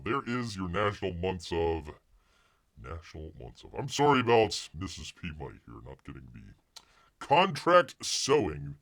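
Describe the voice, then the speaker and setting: A man's voice: fairly low pitch, a bit bright. A man hosting a casual live stream who talks about himself in the third person and halts often with restarts. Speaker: live show host.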